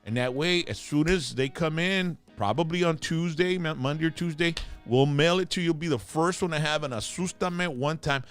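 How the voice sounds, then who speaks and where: A man's voice: fairly high pitch, normal speed, few pauses, a bit bright, faint music behind. A middle-aged man, co-hosting a casual chat, joking and switching between English and Spanish. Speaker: co-host.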